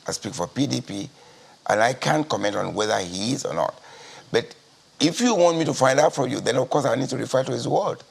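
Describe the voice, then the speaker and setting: A Nigerian man speaking as a party spokesman in a news interview, measured and deliberate, often repeating his key phrases. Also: medium pitch. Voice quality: gravelly, husky. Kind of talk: guarded TV news interview answers.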